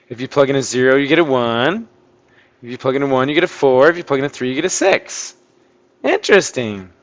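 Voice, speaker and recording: A man with a slightly high voice, talking through a math lesson for his online class. He thinks out loud in a chatty way and breaks into sudden surprised outbursts as he works the problems. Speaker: math teacher.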